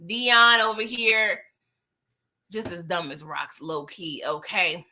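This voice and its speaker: A woman giving a casual recap of a TV episode, animated and chatty, talking straight to her viewers. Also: on the low side, takes it slowly. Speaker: TV recap vlogger.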